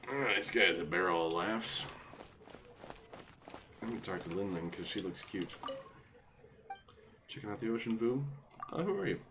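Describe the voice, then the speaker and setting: Low-voiced man chatting over gameplay. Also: normal speed, long pauses, background noise. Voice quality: chatty, jokey, nosy. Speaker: gaming channel host. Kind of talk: casual let's play commentary. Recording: game music behind. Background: video game music.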